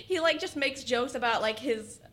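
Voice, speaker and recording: A young woman co-hosting a casual podcast, chatty and quick to laugh. Her voice sits a bit high. She fills her talk with loose, rambling asides. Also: expressive, a bit bright. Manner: chatty, laughing, lots of fillers. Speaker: podcast co-host.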